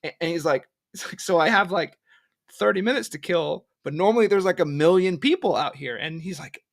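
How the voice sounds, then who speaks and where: A man's voice: fairly high pitch, a little fast. A man guesting on a casual live stream, telling a story and acting out the quotes. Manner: animated storyteller, acts out quotes.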